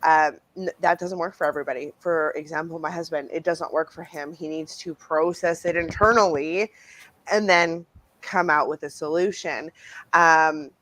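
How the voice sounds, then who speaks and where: Guest author, woman from Canada, low voice, dry close sound; chatty and expressive. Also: moderate pace, no echo, poor audio. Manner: animated, laughing, acts out quoted voices. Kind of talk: casual interview talk.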